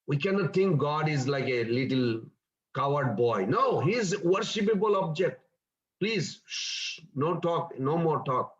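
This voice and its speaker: Guy doing strict temple devotees going shh, low and scolding, muffled lo-fi audio. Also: expressive, measured pace. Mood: hushing, scolding. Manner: hushed, scolding. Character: hushing stern male temple devotees.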